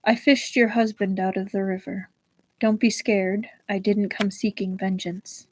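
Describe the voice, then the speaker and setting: A woman's voice: on the high side, lively intonation, measured pace, rough recording. A woman voicing a soothing young nobleman. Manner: soft, soothing tone. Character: gentle-seeming young nobleman, calm and soothing.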